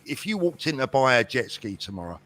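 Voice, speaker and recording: A man with a mid-pitched, ordinary voice co-hosts a casual livestream chat. He argues earnestly and reasons things through, repeating phrases to drive his point home. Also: very animated, brisk, pushed and bright. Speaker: livestream co-host.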